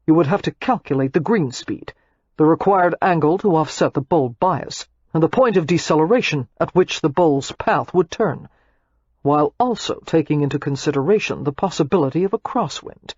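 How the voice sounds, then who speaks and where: A woman's voice: low voice, lively intonation, moderate pace, darkish tone, slightly rough, dry recording, highs cut off. A woman narrator voicing an arrogant, ruthless young businessman who speaks in a superior, brusque way.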